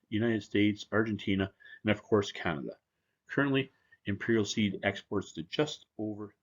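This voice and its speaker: A man giving a casual, joking conference presentation with a low, husky voice. The sound is dull and lo-fi. He speaks like a company representative addressing an audience of growers. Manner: conversational, joking.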